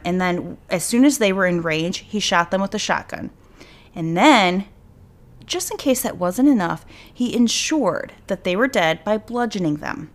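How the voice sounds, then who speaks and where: A woman casually retelling a true crime case, rambling and speculating aloud with lots of "like"s. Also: medium pitch. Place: at home with her dog nearby.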